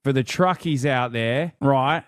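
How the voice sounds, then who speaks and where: A man's voice: mid-range voice, measured pace, dry recording, studio quality, pitched below the performer's own voice, natural voice. A man putting on a mocking, put-on Australian accent to play a matey, absurd politician, drawling "mate" and "yeah". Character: mock blokey male politician, matey and absurd.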